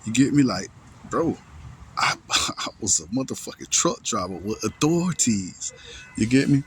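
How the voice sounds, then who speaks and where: A man's voice: mid-range voice, a little hiss or hum. A man casually telling a long personal story in profane street slang, restarting sentences often and checking in with the listener. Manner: rambling, with many restarts and repeated words. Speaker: storyteller recounting a personal ordeal.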